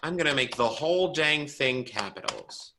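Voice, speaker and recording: A man teaching a braille class online, explaining step by step in a playful, animated way and quizzing his students. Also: medium pitch, normal speed, noisy background.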